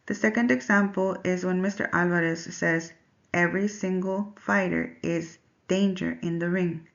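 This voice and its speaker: A woman reads her class presentation from a script in a measured way. Her voice sits low with a gravelly edge. The recording sounds dull and lo-fi. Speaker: student presenter.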